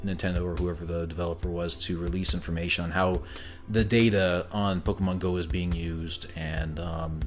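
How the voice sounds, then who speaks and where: A man's voice: low-pitched, level tone, a little fast, faint music behind. A man co-hosting a podcast in casual chat, opinionated and wry, dropping sarcastic quips between longer explanations. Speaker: podcast co-host.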